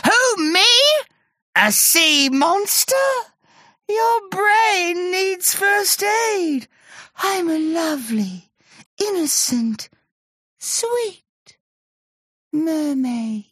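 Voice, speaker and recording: A woman's voice: very high voice, lively intonation, extremely slow, long pauses, fairly bright tone, no room sound, clean studio sound, voice pushed up, exaggerated voice. A woman voicing a sneaky, gloating female sea monster with a gurgling voice, in a storybook reading. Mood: falsely sweet. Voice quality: gurgling, gloating, sing-song menace.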